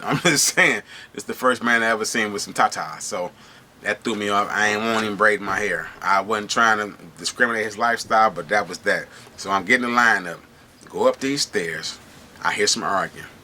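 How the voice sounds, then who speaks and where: A middle-aged man from Michigan telling prison stories in an animated, slangy way, often checking in with his listeners. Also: fairly low pitch, a little hiss or hum. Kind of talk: casual storytelling to camera.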